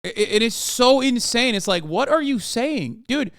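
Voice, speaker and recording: An American man in his thirties rants on a livestream, cursing freely and sounding fed up. His voice sits high and comes across smooth and clean. The sound is dry and close, with no room around it. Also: animated, moderate pace, fairly bright tone, dry recording. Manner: profane, exasperated ranting. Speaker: political commentary streamer. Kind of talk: livestream commentary.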